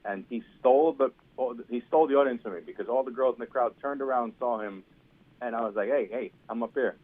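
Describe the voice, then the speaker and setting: A stand-up comedian from New York, with a mid-range voice, talks fast as a guest in a casual interview chat. He tells stories quickly in a self-deprecating way, and the recording has a tinny, phone-like quality.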